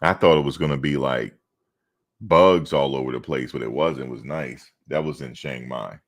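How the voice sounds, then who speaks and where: This is a rumbling low male voice at a moderate pace. He's a reaction streamer casually chatting on a livestream, telling rambling stories and talking straight to his viewers.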